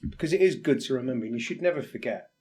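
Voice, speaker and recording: A man from England, a firefighter, speaking candidly and haltingly in an interview, sometimes acting out quoted exchanges. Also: medium pitch, lively intonation, a little mellow. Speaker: firefighter guest. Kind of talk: reflective interview talk.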